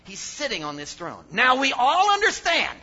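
An older man delivers a sermon in a high, lively voice that climbs and falls. He mutters some phrases low and shouts others for emphasis. The recording sounds dull and lo-fi. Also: moderate pace. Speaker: preacher.

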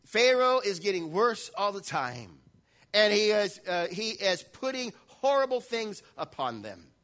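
A man preaching a sermon, speaking as a reluctant, pleading Moses in his own bright voice. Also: sits high, sing-song, measured pace, voice pushed up, heavily acted. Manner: hesitant, pleading.

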